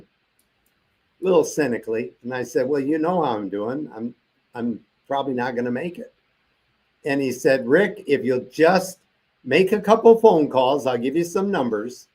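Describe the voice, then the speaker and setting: A man's voice: mid-range voice, animated, moderate pace, darkish tone, husky. An older man as an interview guest, telling a long personal story and acting out the voices of the people he quotes.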